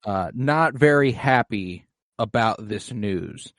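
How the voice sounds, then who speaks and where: A man's voice: medium pitch, lively intonation, takes it slowly, fairly bright tone, no room sound. A man co-hosting a podcast, recapping scenes in casual chat, swearing freely and acting out characters' lines. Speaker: podcast co-host.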